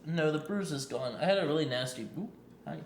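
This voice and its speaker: A man's voice: on the high side, lively intonation, a little fast. A man co-hosting a live stream, talking in a laid-back, wry way. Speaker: co-host. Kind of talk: casual live-stream chat. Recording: echoey room, faint noise.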